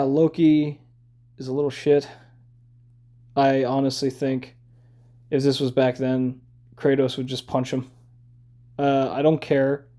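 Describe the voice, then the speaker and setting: A man's voice: medium pitch, mellow. A man ranting in a casual, rambling way while he draws, blunt and swearing, with lots of fillers. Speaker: drawing video creator. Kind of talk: casual rant while drawing.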